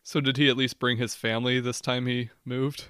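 A man's voice: mid-range voice, little pitch movement, a little fast, a bit bright, smooth, dry recording, clean studio sound. A male podcast co-host who chats casually, asks questions and cracks quips, and who also reads the show's promos.

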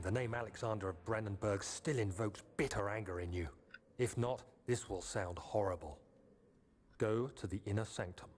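An actor voices a grave man in a horror game who leaves a solemn, urgent farewell message for his future self. His voice is lowish and darkish in tone, with a light touch of acting.

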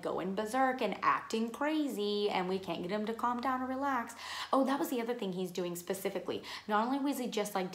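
A woman telling her own spooky story to camera in a casual, rambling way, full of "like" and "um". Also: medium pitch. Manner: rambling, heavy use of "like" and "um". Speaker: vlogger telling her own paranormal stories. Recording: echoey room.

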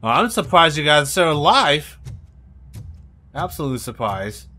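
A man's voice: a little high, very animated, a little slow, bright, forceful tone, a little hiss or hum. A man hosting a let's-play, chatting in a laid-back way full of "like" and "you know" while he plays. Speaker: gaming channel host. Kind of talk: casual let's-play commentary.

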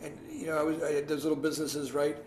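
A man giving casual advice to a class over a video call, animated and repetitive, often acting out his own past thoughts. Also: on the high side, fast. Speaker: guest speaker. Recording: echoey room, faint noise.

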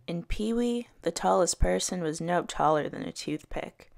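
A woman educator reading picture books aloud for young children at story time, slow and expressive, with soft voices for the characters. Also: fairly low pitch, vocal fry. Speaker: early years educator.

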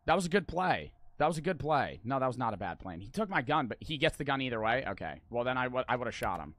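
A young man streaming a video game, swearing and yelling at the screen in loose commentary. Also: medium pitch, sing-song, quick pace. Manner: loud, swearing, yells at the screen. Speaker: gaming streamer. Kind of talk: let's-play commentary.

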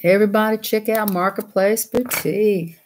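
A woman's voice: medium pitch, fairly even intonation, normal speed, darkish tone, slight background noise. Folksy woman chatting on a livestream. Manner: folksy, chatty, laughs easily. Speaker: livestream host. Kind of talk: casual livestream chat.

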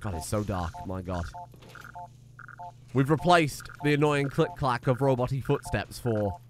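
A man's voice: medium pitch, expressive, unhurried, a little hiss or hum. A man giving wry, chatty let's play commentary, swearing casually. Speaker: gaming streamer.

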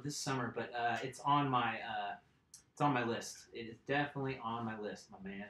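A man's voice: mid-range voice, expressive, a little fast, bright, forceful tone. A man casually chatting on a live stream while working on his bike, rambling and answering viewers' comments. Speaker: mountain bike vlogger. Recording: roomy echo.

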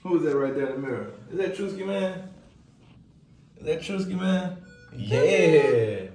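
A man's voice: a little high, expressive, measured pace, a little mellow. A man talking baby talk with his young son, playful and coaxing, recorded in a hospital room. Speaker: father. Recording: echoey room, distant mic, faint noise.

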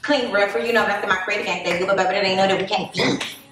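This Southern US vlogger, in her late twenties, rushes through a blunt, preachy and casual monologue aimed directly at her viewers, her mid-range voice racing but steady in tone. Faint noise, a distant mic and a very echoey room mark the recording.

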